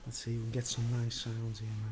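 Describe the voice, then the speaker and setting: A man's voice: medium pitch, completely flat delivery. A man giving an unrehearsed, rambling solo talk at home into a desk microphone, joking around and stopping and restarting his sentences. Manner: rambling, jokey, halting restarts. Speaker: solo vlogger and musician. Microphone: desk microphone with headphones.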